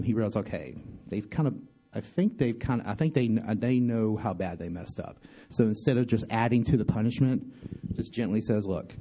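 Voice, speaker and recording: Mellow-voiced man musing on scripture. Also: mid-range voice, dull audio. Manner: halting, many restarts and fillers; conversational, asks listeners questions. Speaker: bible teacher. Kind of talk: informal bible study talk.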